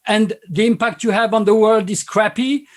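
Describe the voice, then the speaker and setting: A man's voice: high-pitched, fairly even intonation, normal speed. A man with a French accent, a guest on a panel, speaking emphatically in repeated phrases. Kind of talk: panel discussion.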